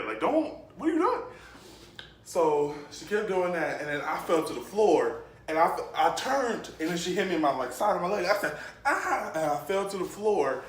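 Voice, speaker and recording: A man telling a funny story from his childhood as a casual vlog, laughing often and acting out the scenes. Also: a little high. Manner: animated, laughing, acts out the scenes. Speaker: vlogger. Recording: echoey room, mic at a distance, faint noise.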